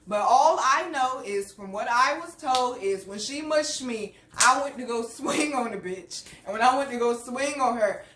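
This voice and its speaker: A woman telling a story with a lot of profanity and laughter, then dropping to hushed asides, in a casual chat on her channel. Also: a little high. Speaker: channel host. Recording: echoey room with faint noise.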